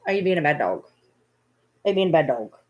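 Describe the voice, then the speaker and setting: A woman's voice: low-pitched, big pitch swings, fast talker, highs cut off. A woman vlogging casually at home, playfully scolding her dogs in a baby-talk tone. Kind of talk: casual vlog chat.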